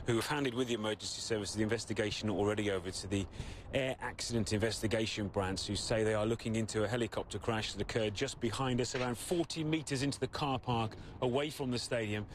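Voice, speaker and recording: A man's voice: lowish voice, steady tone, fast. Male field reporter, careful and hedging, outdoors, faint traffic behind. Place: outdoors by a stadium car park.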